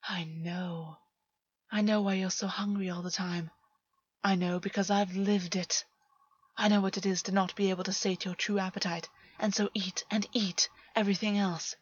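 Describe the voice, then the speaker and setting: A cunning fae man with a soft, mocking croon that often sinks to a hush, as a woman puts him on. The voice has a dry, dull, lo-fi sound. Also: mid-range voice, normal speed, breathy edge, dry recording, lightly acted. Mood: crooning menace.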